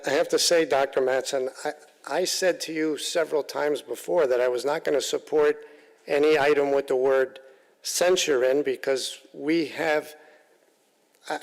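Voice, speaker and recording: A male council member giving halting, plain-spoken remarks at a council meeting, often repeating himself. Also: a little high, big-room sound, poor audio. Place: council chamber.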